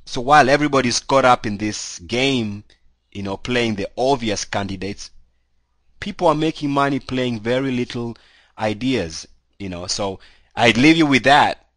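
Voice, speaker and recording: A man's voice: medium pitch, moderate pace, fairly bright tone, no room sound. A man with a cold, hosting a casual stock market commentary and talking through charts in a loose, conversational way full of fillers. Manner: conversational, loose with many "you know" fillers. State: has a cold. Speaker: stock market analyst host.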